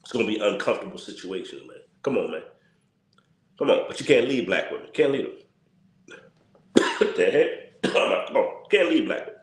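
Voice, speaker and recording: A man's voice: lowish voice, sing-song, normal speed, long pauses, reverberant. A tired man hosting a casual livestream, talking in a blunt, repetitive, slangy rant. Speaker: channel host.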